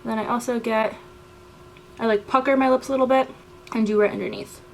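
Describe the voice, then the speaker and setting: A young woman walks through her everyday makeup routine in a relaxed, chatty voice-over. She scatters fillers through her steps. Her voice sits a touch high, and faint noise hums behind her. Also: brisk. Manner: chatty, step-by-step, with frequent "like". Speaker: beauty vlogger.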